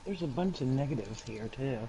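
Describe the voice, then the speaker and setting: A man chatting casually in an animated, exclaiming way. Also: medium pitch, fairly quick, low-quality recording. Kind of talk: casual chat looking through old photo negatives.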